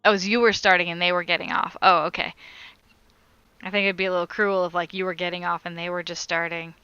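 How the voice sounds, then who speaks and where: A woman's voice: fairly low pitch, flat delivery, quick pace, bright, forceful tone, clear, resonant tone, no room sound, lo-fi sound. A woman on a crochet live stream, chatting casually as she reads viewer comments aloud and answers them.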